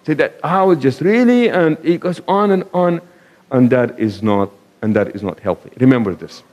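A man's voice: medium pitch, lively intonation, moderate pace, darkish tone. A man giving a conversational sermon to a live audience, asking them questions, telling anecdotes and sprinkling in Arabic phrases. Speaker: imam giving a talk.

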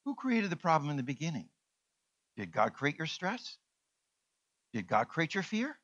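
Animated male preacher, bright voice. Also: fairly high pitch, normal speed, dull audio. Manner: animated, emphatic preaching with rhetorical questions. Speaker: minister. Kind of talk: sermon.

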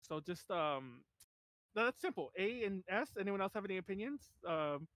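High, lively podcast host, dry sound. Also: male voice, dry recording. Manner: lively, quick to laugh, hurries the segment along. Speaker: podcast host leading the tier list. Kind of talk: casual chat.

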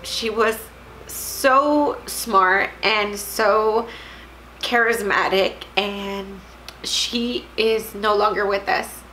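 A woman from Texas talks to her camera at home, slowly and haltingly, her voice tearful. Her pitch sits in a middle range. A faint hiss runs under the camera mic. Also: low-quality recording. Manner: tearful, halting, soft-spoken. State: crying. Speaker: vlogger. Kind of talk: emotional personal vlog.

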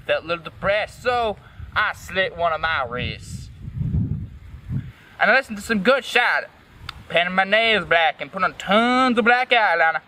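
A man's voice: sits high, expressive, measured pace, bright, forceful tone, a little hiss or hum. A man reading a fan story aloud as host, in a comic, dramatic first-person narration.

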